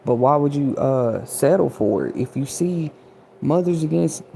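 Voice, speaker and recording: A woman hosts an inspirational livestream, speaking directly to her chat audience. Her voice is gravelly, with a dark, mellow tone. Her delivery is casual and preachy. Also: deep voice, lively intonation, a little slow, a little hiss or hum. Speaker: livestream host.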